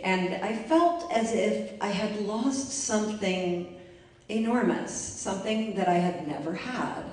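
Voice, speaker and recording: Woman storyteller with a lowish voice and a wry, self-mocking live delivery; very echoey room, distant mic. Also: darkish tone. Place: library event space.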